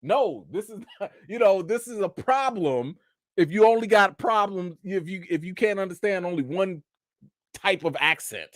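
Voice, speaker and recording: Man hosting a live chat, young, lively swinging pitch, dry close sound, animated and mocking. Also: moderate pace, no echo. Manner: animated, mocking asides, rising to near-shouts. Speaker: show host.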